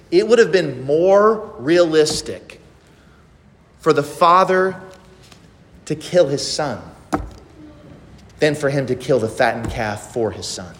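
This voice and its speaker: Guy preaching a sermon, kinda high voice, hammers the crowd with questions, big echoey church hall. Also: slight background noise. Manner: emphatic, asks the listeners pointed rhetorical questions. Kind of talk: expository sermon.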